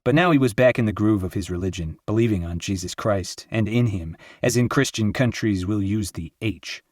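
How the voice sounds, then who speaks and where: An audiobook narrator with a low, slightly mellow male voice reads scripted narration at a moderate pace. The sound is clean studio quality with no echo.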